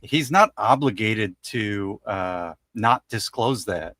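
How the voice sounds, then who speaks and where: A man's voice: on the low side, animated, takes it slowly, a bit bright, no echo. A man in a casual discussion, exasperated and dismissive of weak arguments.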